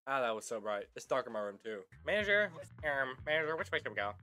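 A man's voice: mid-range voice, sing-song, fast talker, bright, forceful tone. A young man casually commenting on a video game as he plays, goofy and rambling, calling people brother. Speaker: gaming YouTuber.

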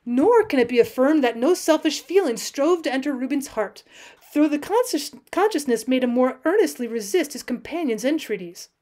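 A woman teacher narrating a classic story as an audiobook in a steady, measured reading. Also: high voice.

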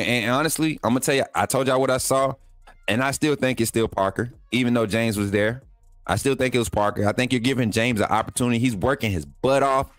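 A man with a mid-range voice hosts a live sports stream, chatting directly to his viewers and often repeating himself. There's no echo on the audio.

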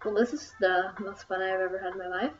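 A young woman hosting a gaming channel talks casually over browser games as she plays, wandering from topic to topic with plenty of ums. Her medium-pitched voice is fast and fairly even. The distant, dull lo-fi mic picks up background noise and faint game music.

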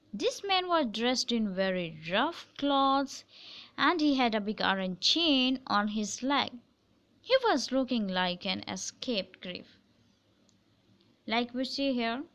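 A woman's voice: a little high, a bit bright. A woman teacher giving an online English lesson, patiently reading a story aloud and explaining it, repeating points for her students.

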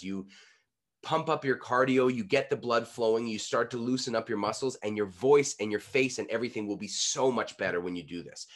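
Energetic male speaking coach. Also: mid-range voice. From Canada. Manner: energetic, coaxing, demonstrative. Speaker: pitch coach. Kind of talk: online speaking workshop.

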